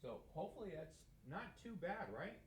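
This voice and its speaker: A man teaching a math lesson in a slightly higher voice, recorded in an echoey classroom. He lectures conversationally and keeps asking questions that he answers himself. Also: expressive, fairly quick, a little hiss or hum. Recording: echoey room.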